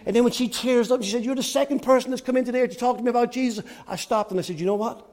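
A man with an Irish accent preaching a sermon, swinging between loud excited storytelling and hushed, earnest appeals. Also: very high-pitched, racing.

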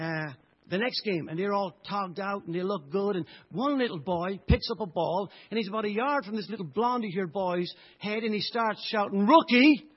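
Impassioned Irish preacher, high husky voice. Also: male voice. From Ireland. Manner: impassioned, swinging from loud to hushed. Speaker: pastor. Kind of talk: sermon. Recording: dull lo-fi recording.

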